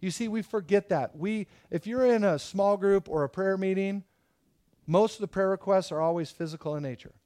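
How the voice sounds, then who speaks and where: A middle-aged man preaching a sermon as pastor, telling stories in an animated way. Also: high voice, normal speed. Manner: animated storytelling with acted quotes.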